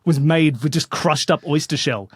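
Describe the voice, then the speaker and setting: A man's voice: on the high side, normal speed, husky, dry recording, clean studio sound. A man playing along as a panelist on a comedy podcast, joking and acting out bits. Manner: playful, jokey, acts out voices.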